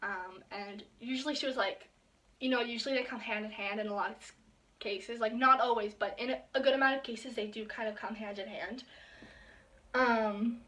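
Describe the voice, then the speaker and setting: A young woman with a slightly high voice tells her own story straight to camera in a loose, filler-heavy way. She keeps quoting what people said, often sinking to a quiet whisper for those quotes before coming back up. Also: moderate pace. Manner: casual, filler-heavy retelling with many quoted asides; drops to soft whispers when quoting herself and others. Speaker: vlogger.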